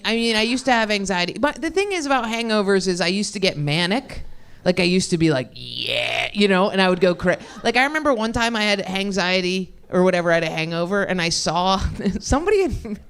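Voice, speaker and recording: A woman's voice: medium pitch, lively intonation, fast, clear, resonant tone. A young woman doing a stand-up set on a club stage, rambling and self-deprecating, laughing mid-sentence and losing her thread. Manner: loses her thread, many fillers and restarts. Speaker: stand-up comedian.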